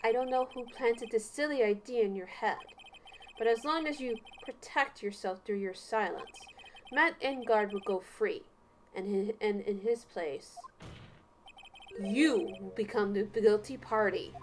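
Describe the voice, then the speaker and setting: A woman putting on a stern male prosecutor who speaks in a deliberate, lowered voice. Each line is measured and probing, slow in pace. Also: a little hiss or hum, lightly acted. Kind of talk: let's play voice reading.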